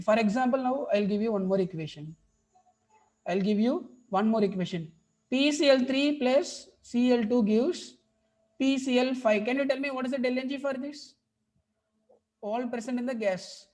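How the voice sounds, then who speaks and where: A woman's voice: on the high side, moderate pace, darkish tone. Indian woman teaching chemistry online. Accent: Indian English. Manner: repeats points, keeps checking for understanding. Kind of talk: online class lecture. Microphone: video call mic.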